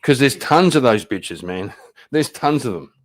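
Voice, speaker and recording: A man's voice: medium pitch, animated, a little slow. A man hosting a stream, reacting to clips in blunt, rambling, profane talk. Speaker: stream host. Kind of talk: casual reaction commentary.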